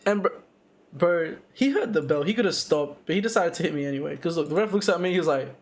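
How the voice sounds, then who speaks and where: Excited young man breaking down his fight. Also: a little fast. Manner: excited, slangy, full of 'boom' and 'bro', many restarts. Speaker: amateur Muay Thai fighter narrating his fight footage. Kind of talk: casual fight breakdown commentary.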